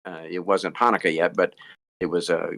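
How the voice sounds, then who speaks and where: A man being interviewed as a ventriloquist, talking in a halting way with many repeated words and restarts. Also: low voice, little pitch movement, fairly bright tone. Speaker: ventriloquist guest. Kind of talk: casual interview chat.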